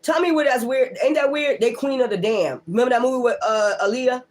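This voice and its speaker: A woman who reads tarot rants on a casual livestream in a fairly high, slightly mellow voice, talking a little fast. She's profane, blunt and emphatic, and she keeps hammering home her defiant points.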